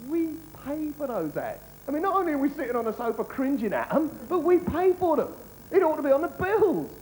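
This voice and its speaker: Sarcastic high-voiced comedian. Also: male voice, big pitch swings, brisk, background noise. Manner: sarcastic, ranting, mock-incredulous. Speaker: stand-up comedian. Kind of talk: live stand-up routine. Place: theatre stage. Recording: loud live-show ambience.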